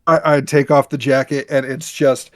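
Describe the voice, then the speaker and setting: A man's voice: mid-range voice, level tone, moderate pace. A man playing a tabletop role-playing game, loosely narrating what his wrestler does. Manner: loose, storytelling with "like". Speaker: player.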